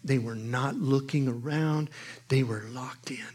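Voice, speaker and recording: A male preacher with a slightly husky, breathy voice delivers his sermon as a lively story. He jumps from loud, punchy exclamations to quiet, hushed asides. His pitch sits right in the middle of a man's range. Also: unhurried.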